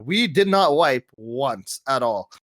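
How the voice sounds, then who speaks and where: A young man co-hosting a podcast, chatting casually about games, excitable and swearing freely. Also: medium pitch, slow. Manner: excitable, swears a lot, laughs often. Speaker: podcast co-host. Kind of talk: casual gaming chat.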